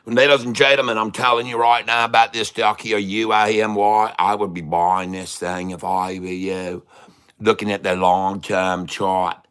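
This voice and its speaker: A man's voice: fairly low pitch, flat delivery, normal speed, fairly bright tone, clear, resonant tone, lightly acted. A man putting on a brash old Aussie wildlife expert. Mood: boisterous. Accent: put-on Australian. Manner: boisterous, rambling, laughing often. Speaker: day-trading streamer.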